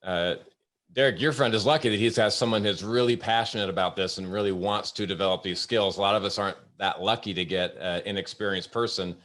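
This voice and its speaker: Man, very low voice, middle-aged, webinar host, casual anecdotes, lots of fillers. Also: a bit bright. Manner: storytelling, halting with many fillers.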